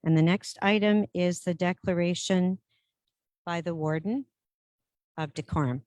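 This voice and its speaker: Brief: low-voiced bilingual woman, brisk procedural meeting chair, dry close sound. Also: fairly even intonation, a little mellow, dry recording. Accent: Canadian French-English bilingual. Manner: brisk, procedural, switching between English and French. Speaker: warden chairing a council meeting.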